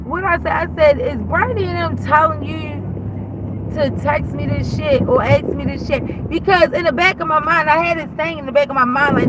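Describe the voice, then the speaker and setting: A woman's voice: sits high, moderate pace. A woman hosting a casual monologue, retelling an argument bluntly and with heavy profanity. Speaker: host. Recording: noisy background.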